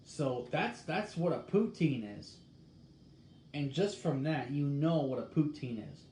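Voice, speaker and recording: A man in casual talk, reading a recipe aloud and musing in a halting way as he thinks out loud. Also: on the high side, animated. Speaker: host. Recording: echoey room with faint background noise.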